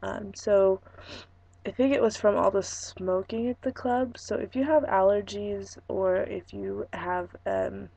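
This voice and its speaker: A young woman from California, hoarse from losing her voice, rambling through a casual vlog with lots of ums and restarts. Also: mid-range voice, steady tone, unhurried, dark tone, poor audio. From Fresno, California. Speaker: vlogger.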